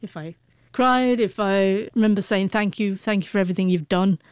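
A woman in her forties shares a heartfelt memory, her speech catching on repeated sound blocks. Her voice is smooth and resonant. It sits close and dry, with no room around it. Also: mid-range voice, a little fast, dry recording. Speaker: guest, author. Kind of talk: emotional personal recollection.

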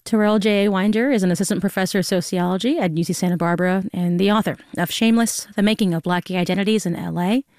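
A woman's voice: mid-range voice, fast, hardly any pauses, a little mellow, no room sound, clean studio sound. A woman hosting a public radio morning show, conversational and friendly, interviewing a guest and reading station announcements. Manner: friendly, conversational, some fillers. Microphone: studio mic, dry.

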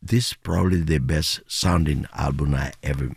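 Deep gravelly older man, animated storyteller. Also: no room sound, studio quality. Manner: halting non-native English, restarts, laughs often. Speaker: guest musician. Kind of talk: animated interview chat.

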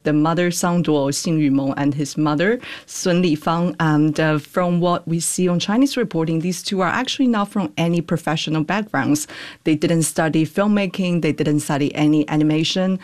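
Relaxed woman reporter explaining. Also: low-pitched, normal speed. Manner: relaxed, with fillers. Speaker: guest reporter. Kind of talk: conversational explainer.

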